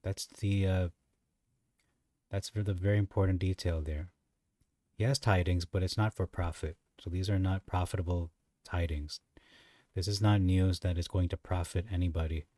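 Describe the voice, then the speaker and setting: A man's voice: sits low, steady tone, moderate pace, warm tone, dry recording, recorded from a distance. A man teaching scripture, reading verses aloud and explaining them with rhetorical questions. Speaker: Bible teacher. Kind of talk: unscripted scripture commentary.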